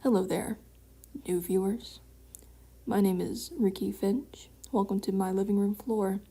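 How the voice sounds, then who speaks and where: Woman doing a hushed spooky host. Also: mid-range voice, fairly even intonation, measured pace. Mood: mock-spooky. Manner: hushed, breathy, theatrical. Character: mock-spooky woman hosting a lonely night. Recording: roomy echo.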